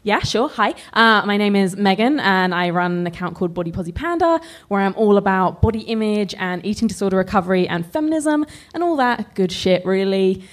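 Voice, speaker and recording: A woman's voice: mid-range voice, animated, a little fast, hardly any pauses. A woman with a British accent, a guest on a live podcast, talking easily with dry humor and casual swearing. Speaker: guest, body image advocate. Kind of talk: casual chat on stage.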